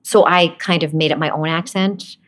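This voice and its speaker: Female actress guest from Brooklyn, low pitch, relaxed, quick to laugh. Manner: laughs often, easygoing. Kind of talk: casual interview chat.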